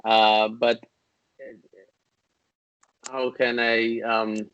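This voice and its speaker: A man teaching an online grammar class through a video-call microphone. He explains slowly and patiently, full of ums and restarts as he feels for examples, then rattles off short classical Arabic passages at speed. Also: medium pitch, flat delivery, a bit bright, clean tone, lo-fi sound. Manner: hesitant, many fillers and restarts, explains patiently; recites classical Arabic text in rapid bursts.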